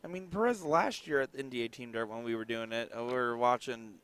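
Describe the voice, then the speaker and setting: A man giving color commentary on a darts stream, chatty and quick to laugh. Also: medium pitch, fairly bright tone, clear, resonant tone. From United States. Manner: laughs often, chatty and enthusiastic.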